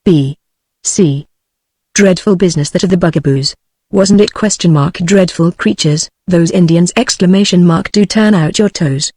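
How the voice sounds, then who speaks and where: A woman's voice: fairly low pitch, normal speed, no room sound, studio quality, natural voice. Flighty breathless hostess, read by a synthetic British woman. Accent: British English. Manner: flat synthetic reading.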